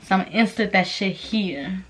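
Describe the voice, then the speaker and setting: Speaking at normal speed in a mid-range voice, a young vlogger narrates a story over a slight hiss or hum. Her delivery is animated and full of cursing, and she mimics the people she's quoting.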